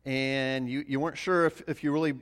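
A middle-aged man preaching a relaxed sermon, mixing farm stories with scripture in a conversational, self-deprecating way. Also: mid-range voice, brisk. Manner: conversational, many restarts and fillers, chuckles at himself. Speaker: pastor. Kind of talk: casual sermon with personal stories.

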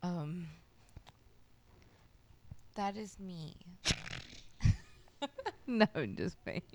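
A young woman who is a guest on a podcast, telling a story in casual, animated chat and swearing freely. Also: lowish voice, extremely slow, long pauses.

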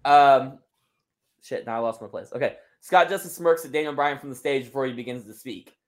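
A man hosting a wrestling booking game, narrating matches and chatting in a relaxed way. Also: mid-range voice, fairly quick. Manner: relaxed, reads aloud with fillers and laughs. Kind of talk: casual narration and chat.

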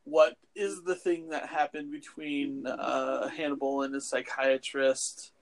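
A man's voice: mid-range voice, level tone, unhurried, creaky, crowd noise. A man co-hosting a casual podcast chat about films and TV, rambling and profane with lots of fillers. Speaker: podcast co-host.

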